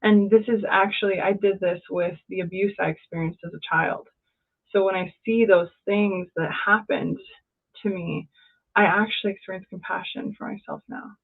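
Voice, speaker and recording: A woman's voice: mid-range voice, steady tone, normal speed, creaky. A woman life coach speaking as an interview guest, earnest and encouraging, in short phrases over a remote call. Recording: tinny phone-like line.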